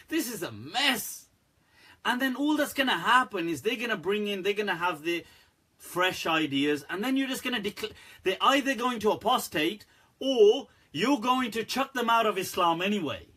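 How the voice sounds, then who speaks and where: A man, an Islamic scholar, answering viewer questions on a live stream in a candid, animated way, laughing often. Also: sits high, moderate pace, husky.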